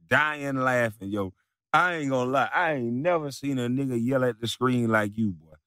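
A man's voice: mid-range voice, fairly bright tone, no room sound, clean studio sound. A man who makes videos, delivering a mocking, profane rant at a rival, repeating taunts and breaking into laughter. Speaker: video creator.

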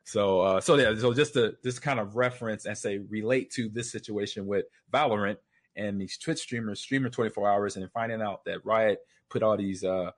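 A man co-hosting a casual gaming podcast, telling stories in an animated way and laughing often. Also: on the low side, moderate pace. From Houston, Texas. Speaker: podcast co-host.

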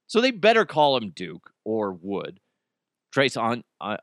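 Speaking at a normal speed with a sing-song lilt, a podcast host talks by himself in a casual, jokey, profane way, riffing and delivering a live ad. His medium-pitched voice is a bit bright, and the studio-quality recording is dry.

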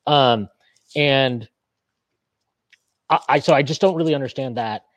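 A man's voice: mid-range voice, a little slow, dry recording. A man co-hosting a sports podcast, talking in a casual, opinionated rant that keeps restarting and swearing. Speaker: podcast co-host.

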